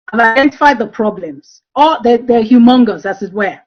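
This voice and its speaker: A woman's voice: high voice, lively intonation, normal speed, few pauses. A woman giving an online presentation to education consultants, telling stories with frequent "um" fillers. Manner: warm storytelling with frequent um fillers. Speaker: speaker. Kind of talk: webinar presentation. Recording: dull lo-fi online call audio.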